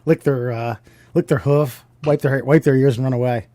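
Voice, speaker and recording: Podcast guy cracking jokes, rambles and restarts, mid pitch, dry close mic. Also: fairly even intonation, moderate pace, mellow, dry recording. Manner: joking, rambling, restarts a lot. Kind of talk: casual chat.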